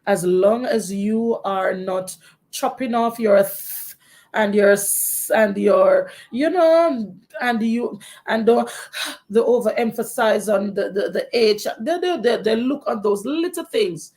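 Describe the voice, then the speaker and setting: A Jamaican woman hosts a live question-and-answer session as a teacher. She answers viewers directly with frank, encouraging advice and often restarts sentences mid-thought. Her voice sits in an ordinary middle pitch for a woman. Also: lively intonation, slow pace, a little mellow.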